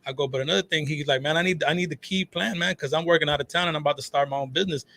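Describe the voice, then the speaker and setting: A man, a phone repair shop owner guesting on a talk show, telling animated stories full of swearing and acted-out quotes. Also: fairly high pitch, rapid-fire, vocal fry. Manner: animated storyteller, swears freely, acts out quotes. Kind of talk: casual talk show chat.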